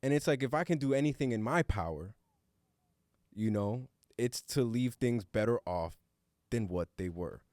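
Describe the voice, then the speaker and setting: Speaking in an expressive mid-range voice at normal speed, slightly mellow, a man co-hosts a casual podcast roundtable. An adult father of a young son, he talks earnestly and reflectively with the odd casual curse. There's no room sound, and the quality is studio-grade.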